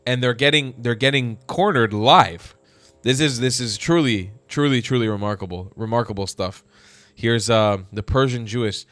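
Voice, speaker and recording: A man hosting his channel, reacting to social media posts with animated, incredulous and mocking commentary. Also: fairly low pitch, normal speed, clear, resonant tone, no room sound.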